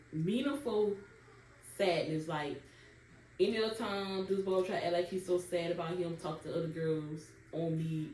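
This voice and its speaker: Her voice low and mellow, a young woman relates her own birth story to camera in an emotional, casual way. She speaks a casual Southern US dialect and often addresses viewers as y'all. The recording is roomy and distant, with a faint noise in the background.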